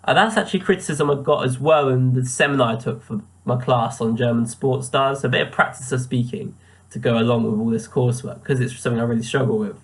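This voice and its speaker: A young man talks through a self-review of his pronunciation, stopping often with ums and uhs. His voice sits at an ordinary middle pitch. It has the plain sound of a built-in webcam mic indoors. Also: quick pace. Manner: hesitant, many ums and uhs. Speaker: language student.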